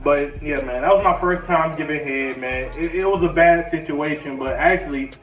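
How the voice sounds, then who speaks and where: A man's voice: on the high side, normal speed. Slangy crude young guy vlogging. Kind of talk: casual story time. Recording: roomy, from a distance, faint music.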